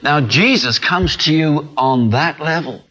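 This preacher speaks at a measured pace in a slightly high voice, earnestly and with animation voicing the little voices inside people's heads. His sermon comes through dull and lo-fi.

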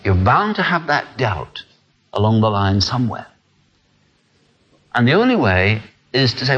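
A man's voice: medium pitch, moderate pace, husky. A man preaching a sermon in an earnest way, acting out the small voices people hear in their heads. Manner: earnest, animated, acts out inner voices. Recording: dull lo-fi sound.

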